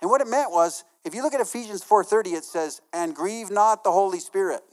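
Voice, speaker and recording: Animated pastor preaching a sermon. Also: male voice, sits high, a little fast. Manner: lively, acts out quotes with laughs.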